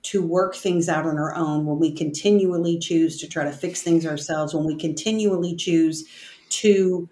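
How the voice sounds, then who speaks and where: A woman leading a casual bible study discussion, reading scripture aloud and talking it through in halting, restarting sentences. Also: low-pitched, steady tone, warm tone. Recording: roomy echo.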